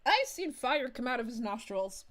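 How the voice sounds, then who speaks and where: A woman's voice: fairly high pitch, very animated, normal speed, fairly bright tone. A woman voicing a bubbly, giggly young princess as a VTuber streamer, chatting with viewers in character. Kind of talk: in-character livestream chat.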